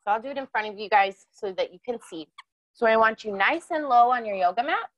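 A woman's voice: a little high, expressive, brisk, slight background noise. A woman leading a children's yoga class, cheerful and encouraging, asking the kids questions as she guides their breathing.

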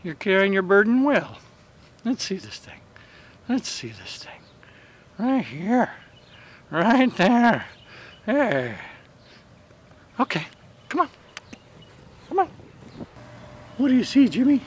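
A man's voice: high voice, big pitch swings, slow pace, long pauses, slight background noise. A man filming his dogs and coaxing them in sing-song baby talk.

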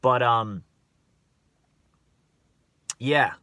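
A man's voice: medium pitch, drawn-out words, bright, forceful tone, dry recording, studio quality. A young man rambling bluntly to his viewers in a casual, profane rant, full of fillers and restarts. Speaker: vlogger.

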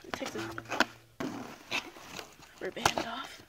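A woman chatting excitedly through an unboxing vlog, with lots of fillers like "um" and "like.". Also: high voice, a little slow, long pauses, heavy background noise. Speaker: vlogger.

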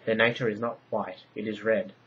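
Man playing grave old-world oracle woman, slow solemn prophecy talk, deep, muffled recording. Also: steady tone, fairly bright tone, slight background noise, natural voice. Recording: dull lo-fi recording.

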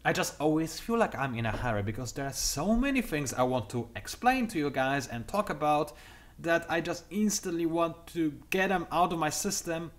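Fast-talking young man explaining game strategy. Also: fairly high pitch, animated. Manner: talks fast, self-admittedly; dry sarcastic asides. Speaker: gameplay tutorial host. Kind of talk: explanatory let's-play commentary.

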